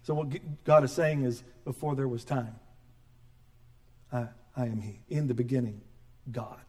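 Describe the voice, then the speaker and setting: A middle-aged man preaching a sermon as pastor, animated and joking, acting out quoted voices. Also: medium pitch, normal speed.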